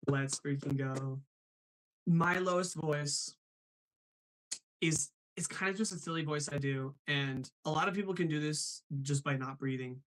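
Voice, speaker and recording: A man's voice: fairly high pitch, a bit bright. Chatty male live-show host. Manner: chatty, quick asides, reads chat aloud. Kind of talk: casual chat about voice impressions.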